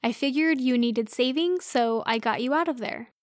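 A laid-back young man teases and banters, as a woman reader gives him voice. The tone stays fairly high, recorded dry and close to the mic. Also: moderate pace, dry recording, close to an everyday voice. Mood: playful. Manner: playful, teasing. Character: teasing, snarky young man.

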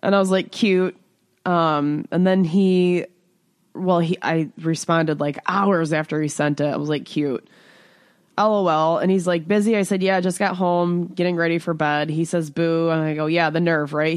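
A woman's voice: lowish voice, normal speed, clear, resonant tone, dry recording, studio quality. A woman co-hosting a podcast, telling a dating story in casual chat and mimicking the texts she got. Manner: animated storyteller, reads out texts in mimicked voices. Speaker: podcast co-host.

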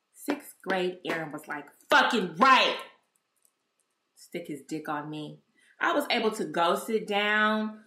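A woman talks through a personal story on her podcast in a loose, casual way, acting out what people said and swearing freely. Her voice sits at an ordinary middle pitch. It rings in a roomy, echoing space. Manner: animated, acts out remembered dialogue, swears freely. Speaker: podcast host. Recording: echoey room.

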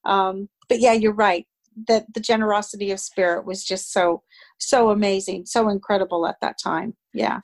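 A woman's voice: medium pitch, fairly even intonation, normal speed, creaky. A woman guest telling a personal story in a conversational way, hesitant, with frequent fillers and restarts.

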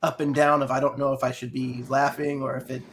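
Man, podcast co-host, gravelly voice, rambling, halting, casual chat. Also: medium pitch, level tone, fairly bright tone, slight background noise.

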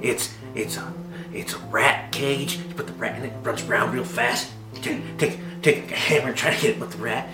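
A man voicing a shifty male merchant who sells caged creatures, with a quick, wheedling sales pitch. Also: roomy sound, music in the background, natural voice.

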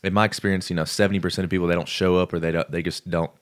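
A man's voice: low-pitched, little pitch movement, rapid-fire. A man in casual podcast conversation as a guest, telling stories and swearing freely. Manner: swears freely, tells stories with quoted dialogue.

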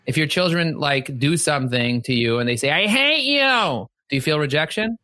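A man's voice: medium pitch, fairly quick, a bit bright, no room sound. A man hosting a podcast as a sales coach, giving emphatic, repetitive motivational advice. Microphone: podcast microphone.

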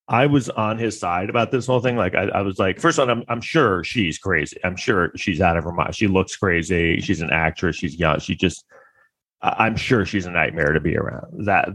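A man's voice: on the low side, fairly bright tone, husky. A man hosting a podcast, talking casually in a rambling, filler-heavy way and acting out quotes. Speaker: podcast host. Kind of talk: casual monologue.

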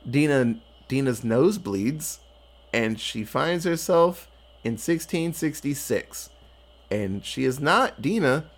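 A man's voice: mid-range voice, animated, takes it slowly. A man hosting a casual movie review podcast, recapping the plot and asking the others questions. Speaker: podcast host. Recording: echoey room, faint noise.

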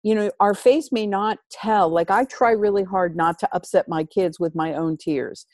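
A woman's voice: medium pitch, normal speed, darkish tone, no echo. Woman host, emphatic and instructive, dry and close. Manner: emphatic, instructive, repeats key phrases. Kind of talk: podcast conversation.

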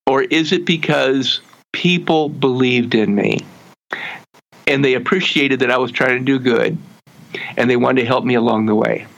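An earnest man, a guest in an interview, tells his life story in a mid-range voice. He halts and restarts his phrases often. He slows right down when he wants a point to land. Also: medium pitch, vocal fry, a bit bright, rough recording.

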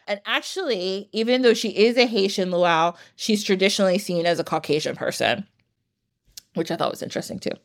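A woman's voice: mid-range voice, brisk. Woman podcast host, casual chatty delivery, enthusiastic, wanders off on tangents.

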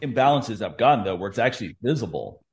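A man's voice: lowish voice, very animated, fast talker, a little mellow. A man co-hosting a podcast, talking in an easygoing, chatty way. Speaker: podcast co-host. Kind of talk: casual chat.

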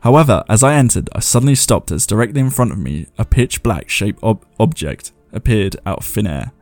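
Low-voiced man rambling over faint music. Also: lively intonation, brisk, a little mellow, no room sound. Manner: rambling, chatty, laughs at himself. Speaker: host reading viewer ghost stories. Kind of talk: casual commentary and reading aloud.

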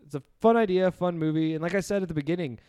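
A man with a smooth, clean voice hosts a laid-back movie podcast. He rambles loosely and pokes fun at himself. The sound is dry and close, with no room around it. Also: a little high, fast talker, warm tone, no echo. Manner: loose, rambling, self-deprecating. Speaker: podcast host. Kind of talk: casual podcast chat.

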